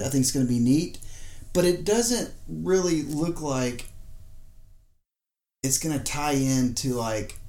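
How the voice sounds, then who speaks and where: A man's voice: medium pitch, darkish tone. Laid-back male podcast co-host. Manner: laid-back, joking, rambling. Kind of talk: casual chat. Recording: roomy echo.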